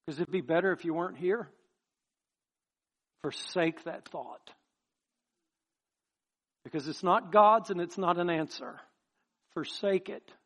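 Impassioned male pastor preaching. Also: high voice. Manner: impassioned, emphatic preaching with soft pleading passages. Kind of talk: sermon.

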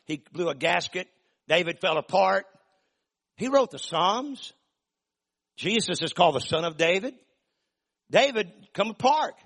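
An older man preaches in a folksy, emphatic style, stretching some phrases out and punching others loud. His voice is gravelly and a bit husky, pitched somewhat high for a man. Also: lively intonation, unhurried, pauses often. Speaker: pastor. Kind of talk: sermon.

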